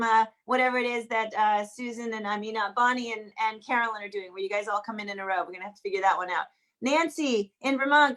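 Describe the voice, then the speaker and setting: A woman with a high, flat-toned voice hosts a live online song gathering. She runs through a long list of attendees by name in a chatty way. She is heard through a video call microphone. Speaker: online song circle host. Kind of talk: live online welcome and announcements.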